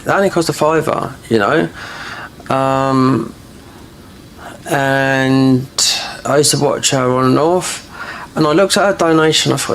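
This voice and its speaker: A man with a South London accent talks loosely over his gameplay, drifting from one point to another with plenty of restarts. His voice sits at an ordinary pitch with a gravelly, fry-laden edge, and a faint hum of room noise stays under it. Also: fairly bright tone. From London, England. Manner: rambling, gossipy, full of restarts and "you know". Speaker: gaming streamer. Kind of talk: casual chat while playing a game.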